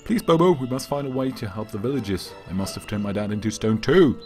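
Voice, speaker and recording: A slightly hoarse man voicing a frightened young male village apprentice, breathless and pleading. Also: on the low side, animated, fast talker, a little mellow, soft background music, lightly acted. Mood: anxious.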